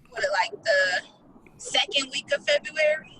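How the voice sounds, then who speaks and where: Bright, lively high-voiced woman on a call. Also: normal speed, a little hiss or hum, poor audio. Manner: chimes in with short questions and agreement. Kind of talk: casual planning call. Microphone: video call.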